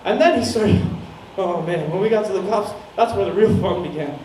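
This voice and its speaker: High-voiced young man telling a rambling story. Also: moderate pace, a little mellow. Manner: rambling, profane, laughing at his own story. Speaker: stand-up comedian. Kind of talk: stand-up storytelling. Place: small comedy venue. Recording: echoey room, mic heard from far off, some noise.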